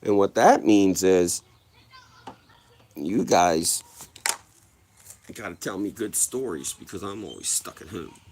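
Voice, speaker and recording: A man's voice: low voice, lively intonation, slow pace, long pauses, a little mellow, a little hiss or hum. A man in his thirties hosting a casual livestream, telling a story in a rambling way with many restarts and frequent swearing. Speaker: livestream host.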